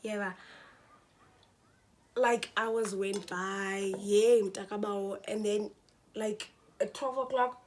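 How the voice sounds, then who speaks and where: A young woman tells a storytime vlog in an animated, dramatic way and keeps talking straight to her viewers. Her voice sits at a middle pitch, and there is faint background hiss. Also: slow, long pauses. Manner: animated, dramatic, mixes in slang and addresses viewers as guys. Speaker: vlogger.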